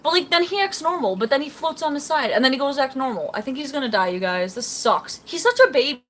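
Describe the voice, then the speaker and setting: A woman's voice: high voice, lively intonation, fast talker, a little hiss or hum. A young woman chatting casually on a live stream, rambling and reading out chat comments beside her fish tank at home. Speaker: fish-keeping livestreamer.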